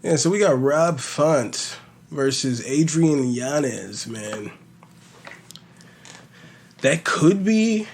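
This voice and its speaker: A man talking casually as a podcast host, rambling and swearing as he predicts fights, with a slight lisp. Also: medium pitch. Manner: profane, rambling, animated storytelling.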